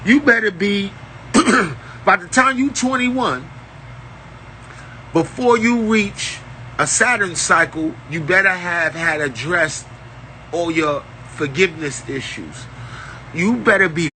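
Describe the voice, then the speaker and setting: Man, preachy street-slang spiritual rant, profane, high-ish sharp voice, faint traffic behind. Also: expressive, slow pace, pauses often, rough recording. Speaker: self-styled spiritual teacher. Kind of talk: unscripted spiritual rant to camera.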